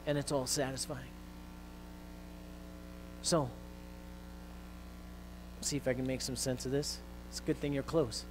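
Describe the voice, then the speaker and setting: A man preaching a sermon in a conversational way, with fillers and restarts, growing louder and more intense when he quotes scripture. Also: a little high, slight background noise, rough recording. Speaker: pastor.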